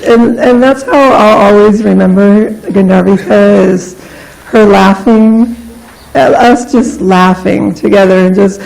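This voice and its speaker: Middle-aged woman, memorial eulogy, unhurried and gravelly, laughs through her stories. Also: medium pitch, low-quality recording. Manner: laughing, animated storytelling that turns tearful and soft. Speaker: memorial speaker. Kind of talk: personal eulogy storytelling.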